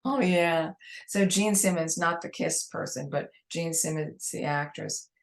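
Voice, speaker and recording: Interview guest: a woman with a New York accent and a low voice, a chatty, rambling storyteller. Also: a little slow. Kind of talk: casual interview chat.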